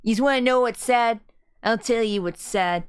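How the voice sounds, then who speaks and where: A woman's voice: a little high, expressive, moderate pace, dry recording, studio quality, close to an everyday voice. Girl doing a tough mobster dude from a game, threatening, voice swoops around. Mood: sneering. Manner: tough, threatening street talk. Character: gruff Italian-American mobster man.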